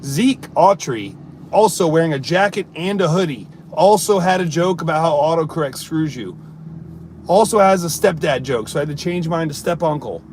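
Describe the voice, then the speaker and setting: A man talking loosely on a live stream, spinning rambling, jokey stories and answering viewers as he goes. His voice sits a little high for a man. A faint hum runs underneath. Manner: jokey, rambling storyteller who chats to viewers. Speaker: live streamer and amateur stand-up comic.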